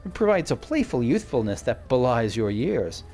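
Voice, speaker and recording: Theatrical male judge, slow ornate praise, gravelly, man reading it out in his own voice. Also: mid-range voice, big pitch swings, a little mellow, faint music behind. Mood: flowery. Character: flamboyant flowery male fashion judge.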